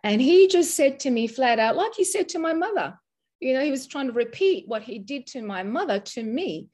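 A woman in her sixties from Australia, a mental health first aid teacher, telling a personal story in an interview in an earnest, emotional, halting way. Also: high-pitched, animated, a little mellow.

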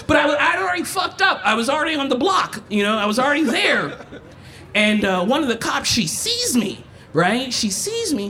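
A woman doing a profane, animated stand-up set on a live stage, breaking into mimicked voices as she tells stories. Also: high voice, fairly quick, slight background noise. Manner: animated, profane, mimics others mid-story. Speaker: stand-up comedian. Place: stage at a live festival event.

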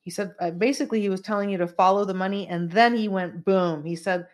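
A woman's voice: medium pitch, fairly even intonation, fast talker, hardly any pauses, darkish tone. A middle-aged woman from California hosting an online show, giving a rambling, emphatic commentary monologue full of asides. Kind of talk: casual political commentary monologue.

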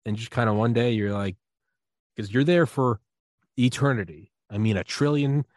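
A man chatting on a podcast, telling a rambling story with animated energy, acting out quoted voices and swearing freely. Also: mid-range voice, measured pace, no room sound. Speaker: podcast host. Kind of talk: casual podcast chat.

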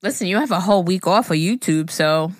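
A woman's voice: on the low side, lively intonation, brisk, dry recording. A woman co-hosting a casual podcast, reacting with gasps and laughs. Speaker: podcast co-host.

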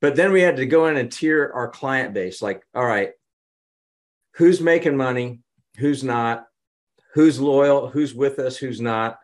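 Animated man telling business stories. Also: mid-range voice, a little slow. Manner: animated, dramatizes quotes. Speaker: business consultant guest. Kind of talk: conversational storytelling.

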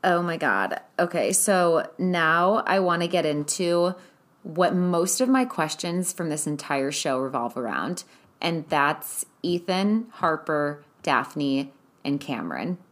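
Slowly and in a sing-song way, a young woman with a notably low-pitched voice recaps a TV episode for her viewers. The recap is casual and full of profanity, and she comes across as blunt and exasperated, venting straight to the people watching.

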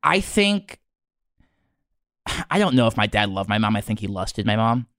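A man's voice: fairly low pitch, sing-song, moderate pace, fairly bright tone, no room sound, studio quality. A man playing an earnest, wholesome sixteen-year-old boy in an improvised comedy scene, rambling eagerly and apologizing often.

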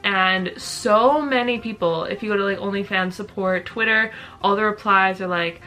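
A woman's voice: mid-range voice, normal speed, sharp tone, faint music behind, rough recording. A woman with a slight Canadian accent narrating her vlog casually, saying "like" often. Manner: casual, filler-heavy, with lots of "like".

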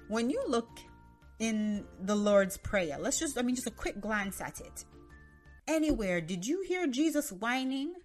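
A woman in her thirties hosts a Christian teaching podcast in a lively, conversational manner. Her voice sits at an ordinary middle pitch. She often slips into the voices she quotes. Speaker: podcast host.

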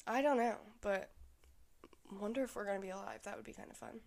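A woman's voice: mid-range voice, fairly quick, vocal fry, darkish tone. A young adult woman hosting her own podcast, chatting casually and candidly, rambling with lots of "like" and frequent laughs. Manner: rambling, candid, laughs often, says "like" a lot. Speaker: podcast host. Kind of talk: casual solo podcast chat.

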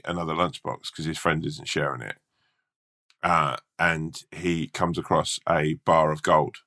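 A podcast co-host with an extremely low, pushed, bright voice tells a rambling story laced with swearing and fillers. The talk is casual chat and loose storytelling.

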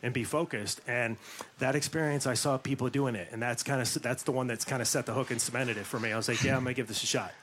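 A middle-aged man telling a long anecdote in a podcast interview, middle-pitched and lively, acting out what other people said with plenty of fillers and restarts. A faint hiss of noise sits under his voice. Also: fast. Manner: animated, acts out quotes, many fillers and restarts. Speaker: actor and former basketball player.

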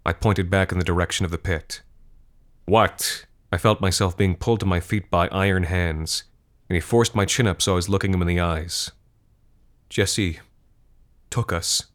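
A man reading a scripted horror story in a measured, grim manner. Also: low-pitched, fairly even intonation.

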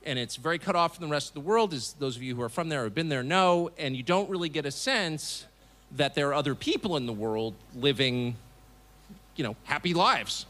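A man's voice: on the high side, lively intonation, fairly quick, a bit bright. A middle-aged American man, a television host, giving a public speech to a live audience with sardonic, mocking asides and an emphatic delivery. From United States. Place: event hall before an audience.

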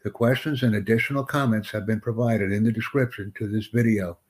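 A man hosting a live-streamed English interview lesson, who speaks slowly and deliberately and sternly corrects a student. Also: on the low side, fairly even intonation.

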